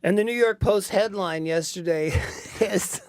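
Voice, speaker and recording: This man's voice sits high for a male speaker. He is a rock singer telling profane stories on a studio talk show, loose and animated, and he now and then breaks into shouting. The sound is dry and close, with no room echo. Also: unhurried. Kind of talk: casual talk-show storytelling. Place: radio studio. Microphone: studio microphone.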